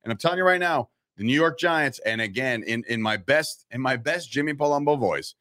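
A man's voice: medium pitch, a little fast, pushed and bright. A man co-hosting a casual football talk show, ranting animatedly and swearing freely. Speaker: sports podcast co-host.

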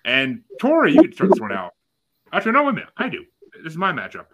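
A man's voice: fairly high pitch, wildly swooping pitch, fast, crowd noise, rough recording. A man hosting a casual group podcast, reading out facts and asking each co-host for a vote. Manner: reads out facts, then polls each co-host.

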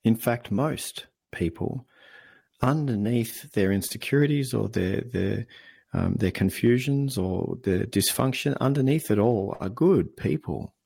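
Gravelly low-voiced Australian man. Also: measured pace. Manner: earnest, animated storytelling. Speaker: podcast guest. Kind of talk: conversational interview.

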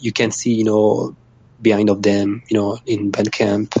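A young man with a French accent, a musician guest in a casual interview, talking haltingly with many restarts and easy laughs. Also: fairly low pitch, flat delivery, creaky, mellow, muffled recording, a little hiss or hum. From France. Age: young adult.

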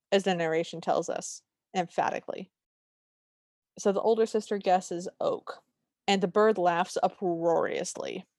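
A woman's voice: lowish voice, darkish tone, dry recording, clean studio sound. A woman co-hosting a podcast, casually recapping a film in a playful way and dropping into silly voices for the characters. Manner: playful, quick to jump into silly voices while retelling scenes. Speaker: podcast co-host.

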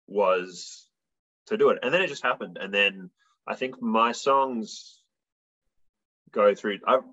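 A man's voice: lowish voice, fairly bright tone, highs cut off. A young man, a musician guest, telling stories in a casual, rambling way full of fillers. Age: young adult. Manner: rambling, filler-heavy storytelling. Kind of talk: casual interview chat.

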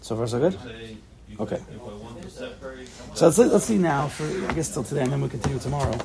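A man's voice: mid-range voice, lively intonation, brisk, gravelly, a crowd in the background. A man leading a casual Talmud study class, thinking aloud and checking in with his students. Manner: thinks aloud, asks the class questions, laughs at himself.

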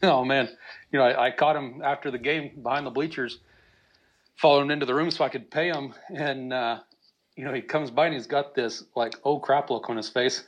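A man co-hosting a podcast in relaxed, easygoing chat. He tells stories at an ordinary pitch, with a livelier push whenever he retells a shout. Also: brisk, muffled recording. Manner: storytelling, animated when retelling yelling. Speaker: podcast co-host. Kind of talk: casual chat.

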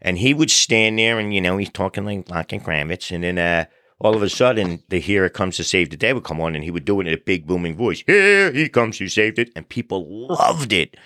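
A man hosting a podcast, telling funny stories in a relaxed, animated way. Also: low-pitched, a little fast, no room sound, clean studio sound. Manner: animated storyteller, acts out crowd voices. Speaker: podcast host. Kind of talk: casual storytelling chat.

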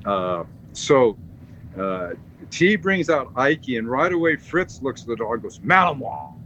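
A man, a podcast guest and dog sport trainer, telling stories casually in an animated, profane way, often repeating and restarting words. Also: medium pitch, a little slow, a little hiss or hum, poor audio. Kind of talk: casual storytelling.

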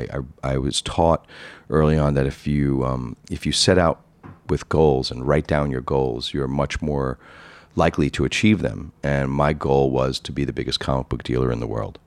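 A man's voice: rumbling low, creaky, no echo. A man from New York, a comic book dealer, telling his own story in a rambling, casual way with many restarts. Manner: rambling, many restarts, animated when recalling.

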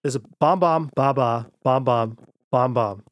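A man's voice: mid-range voice, a little slow, no echo. A man co-hosting a comedic podcast, talking through song lyrics and half-singing them between laughs. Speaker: podcast co-host. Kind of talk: casual comedic chat.

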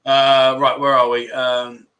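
Bright-voiced jokey man. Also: medium pitch, monotone, takes it slowly. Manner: jokey, chatty, self-mocking banter. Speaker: livestream chat show host. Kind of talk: casual livestream chat reading viewer comments.

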